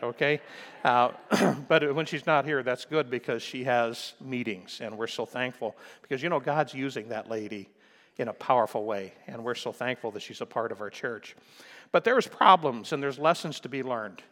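An older man preaching in a church, telling homespun stories and checking in with his congregation with "okay?" and "amen?". His mid-pitched voice carries a long reverb from the hall, and he stops now and then to clear his throat. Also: normal speed, a bit bright. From Nebraska, USA. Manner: folksy storytelling, frequent "okay?" and "amen?", clears throat often. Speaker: pastor. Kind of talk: sermon. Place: church sanctuary.

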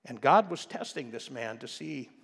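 A male pastor preaching a sermon, swinging from quiet explanation to loud, emphatic passages. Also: medium pitch, animated, moderate pace, vocal fry, husky, big-room sound. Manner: preaching with rising intensity, shifting from quiet to loud.

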